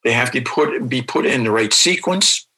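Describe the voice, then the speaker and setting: Man, language teacher, interview, patient explainer, crisp bright tone, a bit husky. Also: medium pitch, expressive, moderate pace, poor audio. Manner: patient, explanatory, repeats example words.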